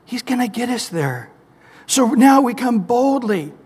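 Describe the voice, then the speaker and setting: Male preacher with a high voice, animated sermon delivery, recorded in an echoey hall. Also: measured pace, husky. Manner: animated storytelling with scripture citations.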